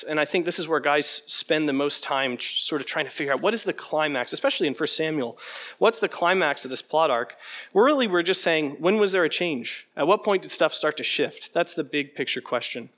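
A man leading an interactive teaching session, conversational and animated, often putting questions to the room. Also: a little high. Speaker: preaching workshop instructor.

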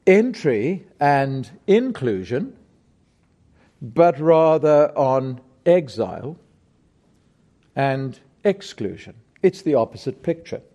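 A middle-aged man preaching a sermon, emphatic and deliberate, putting rhetorical questions to his congregation. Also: on the high side, mellow.

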